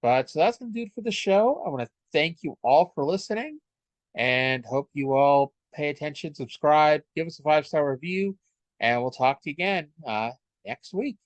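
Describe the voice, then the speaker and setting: A man's voice: fairly high pitch, expressive, normal speed, no echo, highs cut off. A man hosting a podcast, recapping episodes casually with lots of fillers and asides. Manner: rambling, with many fillers. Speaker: podcast host.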